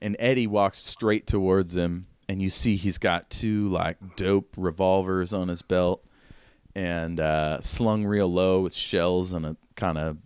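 A man narrating as game master of a tabletop role-playing game, relaxed and descriptive. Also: low voice, unhurried, smooth, no echo.

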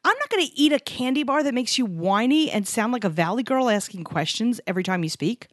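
A woman co-hosting a podcast about couples in business, talking in an animated, emphatic way and sometimes acting out other voices. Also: on the high side, quick pace, no echo, studio quality. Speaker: podcast co-host. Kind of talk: casual chat. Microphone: podcast microphone.

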